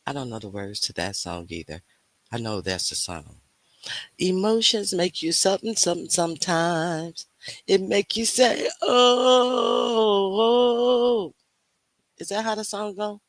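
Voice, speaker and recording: A man's voice: high voice, expressive, unhurried, fairly bright tone, dry recording. A man hosting a casual livestream, teasing the chat, reading out viewer names and breaking into snatches of song. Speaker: livestream host.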